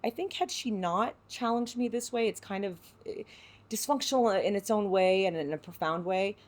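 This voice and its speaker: An actress from San Diego speaking as a podcast guest, reflective and heartfelt, with many filler words. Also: female voice, medium pitch, normal speed. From San Diego, United States. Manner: reflective, heartfelt, full of "you know" fillers. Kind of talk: podcast interview.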